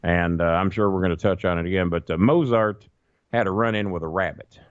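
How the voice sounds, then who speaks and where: A man telling a long, profane, animated story in a casual podcast chat. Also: low-pitched, brisk, dry recording, lo-fi sound. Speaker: guest storyteller.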